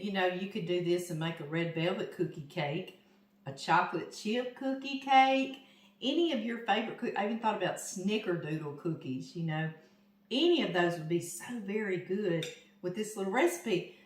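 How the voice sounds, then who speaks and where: An older Louisiana woman with a Southern US accent decorates a cake in her home kitchen, chatting straight to her viewers as "y'all" in a casual cooking demonstration. Her medium-pitched voice has a fairly bright tone, and the room echoes noticeably.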